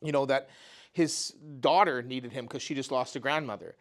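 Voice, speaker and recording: A man's voice: mid-range voice, normal speed. Conversational man telling a personal story. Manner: conversational, often says "you know" and "right?". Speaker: speaker at a mental health talk.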